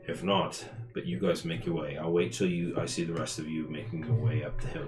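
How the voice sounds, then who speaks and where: A man running a tabletop game as game master, relaxed, laughing often and restarting his sentences. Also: low voice, moderate pace. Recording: echoey room with background music.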